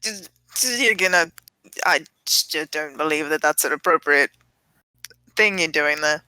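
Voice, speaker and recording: A woman playing a tabletop game, speaking haltingly and hesitantly in character. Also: sits low, pushed and bright, no room sound, poor audio. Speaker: player.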